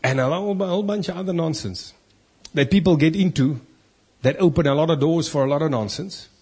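A man's voice: fairly high pitch, brisk, darkish tone, husky. A man preaching a sermon in church, emphatic, asking rhetorical questions and reading scripture aloud.

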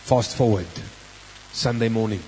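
A man's voice: lowish voice, unhurried, mellow, a little hiss or hum, poor audio. A man with a South African accent preaching a sermon, telling a personal story in a conversational way and drawing out key phrases for emphasis.

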